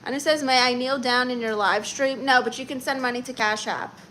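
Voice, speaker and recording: A bright, lively woman chats casually on her live stream, reading out viewer comments and answering them playfully. Her voice sits a little high for a woman, and a faint ambient hum runs underneath. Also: brisk. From Orlando, Florida. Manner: chatty, playful, reads viewer comments aloud.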